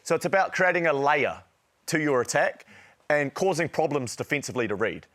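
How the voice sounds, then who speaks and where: A man with a New Zealand accent hosting a rugby league show live in front of a crowd, energetic and jokey. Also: on the high side, fairly quick. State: out of breath. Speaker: host. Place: live venue with audience.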